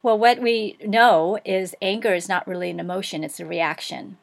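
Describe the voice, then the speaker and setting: A woman hosting an interview, calm and affirming as she explains. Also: medium pitch, normal speed, gravelly. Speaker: host. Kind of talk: podcast interview.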